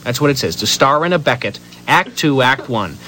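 A man's voice: mid-range voice, animated, normal speed, sharp tone, slight background noise. A man in an improvised radio comedy, reading a newspaper item aloud in a mock-earnest way.

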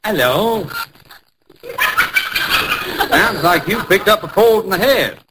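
A man's voice: high voice, lively intonation, slow pace. A man with a Texan accent plays a hearty, folksy neighbor in an old radio comedy. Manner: folksy greetings. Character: friendly male Texan neighbor. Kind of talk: 1940s radio acting. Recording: hissy old radio broadcast.

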